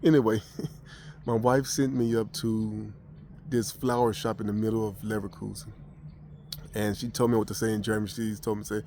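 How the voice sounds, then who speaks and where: A man's voice: lowish voice, flat delivery, moderate pace, dark tone, a little hiss or hum. An American man vlogging, telling a personal story casually with many restarts and fillers. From United States.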